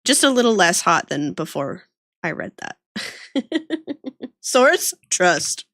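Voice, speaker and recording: A woman's voice: on the low side, sing-song, slow, fairly bright tone, no echo, studio quality. A young woman streamer chatting casually while she draws. She rambles, giggles often and reads chat aloud. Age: young adult.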